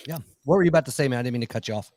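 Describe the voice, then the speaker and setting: A man's voice: medium pitch, racing, a little mellow, no echo. A man hosting a podcast in a laid-back, joking chat. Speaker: podcast host.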